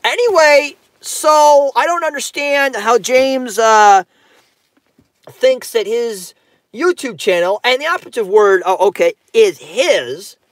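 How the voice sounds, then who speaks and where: A man's voice: very high voice, expressive, slow, dry recording. A man ranting on his own channel, profane and rambling, repeating himself. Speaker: YouTube commentator. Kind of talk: ranting commentary.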